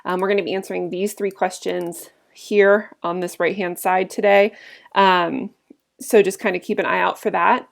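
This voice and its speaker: A woman's voice: fairly low pitch, fairly even intonation, normal speed, gravelly. A woman teacher casually walking students through a play scene, explaining lines with frequent fillers. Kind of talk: recorded lesson explaining a play.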